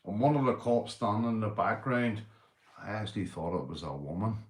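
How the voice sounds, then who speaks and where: Tipsy Northern Irish man host, low voice, sweary rambling chat to viewers. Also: lively intonation, fairly quick, echoey room. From Northern Ireland. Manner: rambling, sweary, laughs often. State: tipsy after a few beers. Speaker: livestream host. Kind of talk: casual livestream chat.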